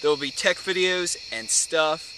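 A man mimicking his friend's catchphrase-heavy way of talking, loud and exaggerated. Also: on the high side, expressive, a little slow, background noise. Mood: mocking.

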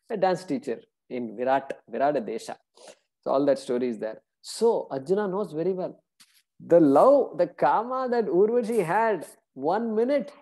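Mellow-toned scripture teacher telling a story. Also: medium pitch. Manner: storytelling with many fillers, chanting verses. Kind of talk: classroom lecture on scripture.

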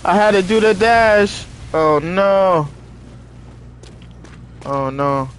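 A young man streaming a video game, chatting casually in heavy slang and telling animated stories between excited outbursts. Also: sits high, drawn-out words, slight background noise. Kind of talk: casual stream chat while gaming.

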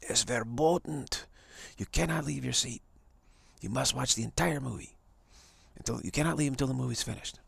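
A man's voice: medium pitch, moderate pace, vocal fry, slightly rough, no room sound. A man voicing a bossy male movie usher who scolds and gives orders. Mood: stern. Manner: commanding, scolding.

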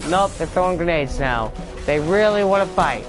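A man's voice: a little high, animated, normal speed. A man streaming a shooter game, giving casual commentary and playfully taunting enemies with mock-tough talk. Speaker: gamer streaming his play. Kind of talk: casual live gameplay commentary. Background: game music.

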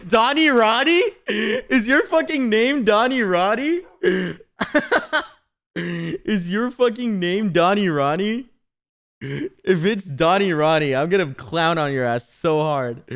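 Joking, profane young male streamer. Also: a little high. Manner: profane, joking and teasing, bursts into laughter. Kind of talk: casual live-stream chat while gaming.

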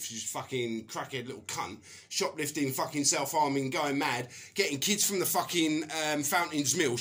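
A middle-aged man rants furiously to the camera, swearing hard. His voice is sharp and forceful, and he slips into mocking put-on voices as he goes. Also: a little high. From England. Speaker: vlogger. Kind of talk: angry personal rant to camera.

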